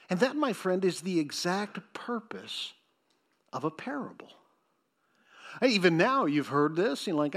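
A man's voice: high-pitched, very animated, measured pace. A man preaching a sermon in a conversational way, talking directly to the congregation with asides. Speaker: pastor.

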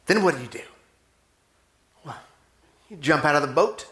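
A pastor preaching a sermon in a church, telling stories animatedly, acting out dialogue and asking rhetorical questions. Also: male voice, a little high, lively intonation, moderate pace, a bit bright. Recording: roomy echo.

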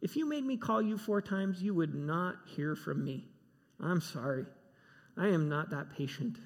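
A man's voice: a little high, expressive, measured pace. A man preaching a sermon, emphatic and given to repeating himself. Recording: long hall reverb.

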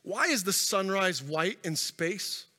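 Speaking slowly in a sing-song way, a pastor tells stories from the stage in a high, bright voice, raising the intensity before sinking into a hush. His sermon rings with long reverb across a large church sanctuary, captured by a stage mic.

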